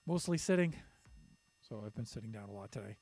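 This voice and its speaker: A man's voice: lowish voice, level tone, very fast, dark tone, slightly rough. A man streaming a building game, counting blocks aloud and talking to himself as he works. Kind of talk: casual commentary while building in a game.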